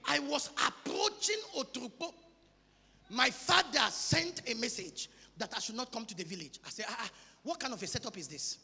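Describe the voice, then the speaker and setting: A man with a Nigerian accent preaching a sermon in an emphatic, sing-song way with shouted peaks. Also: very high-pitched, expressive, normal speed, vocal fry, slightly rough, long reverb tail. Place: large church hall.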